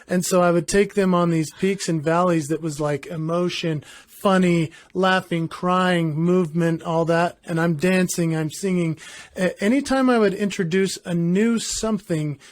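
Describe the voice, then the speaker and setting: A man's voice: high voice, normal speed, no echo. A man, a performer and author, telling stories animatedly as a guest in a casual interview. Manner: animated storyteller.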